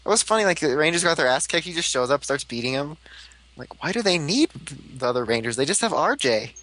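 Bright, excitable young-sounding man. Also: a little high, fairly quick. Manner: enthusiastic, laughing often, acts out quotes. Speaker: podcast co-host. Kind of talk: casual fan chat.

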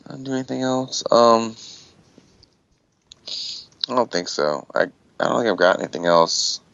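Host, guy with a gravelly lowish voice, rambling storyteller, swears, muffled lo-fi call audio. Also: a bit bright, no echo. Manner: rambling, swears casually, acts out quotes. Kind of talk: casual storytelling on an online call.

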